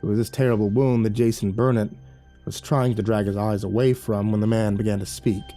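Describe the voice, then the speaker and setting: A man narrating a horror story in a measured, dramatic storytelling manner. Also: fairly low pitch, little pitch movement, warm tone. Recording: faint music behind.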